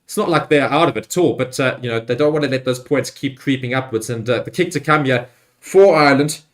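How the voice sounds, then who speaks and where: A man hosting a live rugby watchalong, talking loosely with many fillers and getting excited on big plays. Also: mid-range voice, quick pace. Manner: rambling with fillers and restarts. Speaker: livestream host. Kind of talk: live match watchalong commentary.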